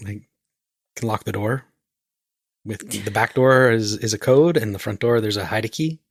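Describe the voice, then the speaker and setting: A man talks in easy podcast chat, his voice gravelly with a husky edge. He stumbles and restarts his words as he gets worked up. The sound is close and dry. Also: lowish voice, normal speed, dry recording. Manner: stammers and restarts while ranting. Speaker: podcast co-host. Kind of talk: casual chat.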